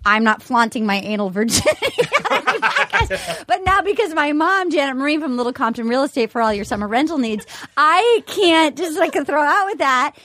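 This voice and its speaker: A woman's voice: sits high, moderate pace, few pauses. A woman co-hosting a podcast, chatting casually and animatedly with frequent laughter and swearing. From New England, US. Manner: animated, laughing, profane gossip. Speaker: podcast co-host.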